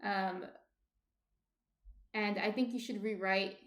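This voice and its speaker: A woman's voice: medium pitch, steady tone, takes it slowly, a bit bright, reverberant. A woman from New Jersey chatting casually on a baking livestream, reading out viewer comments in a rambling way full of fillers and restarts. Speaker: baking streamer. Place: home kitchen.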